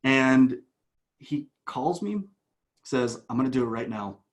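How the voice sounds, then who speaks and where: A man, a coach, telling a long story as a podcast guest, with animated bursts and hushed asides. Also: mid-range voice, slow pace.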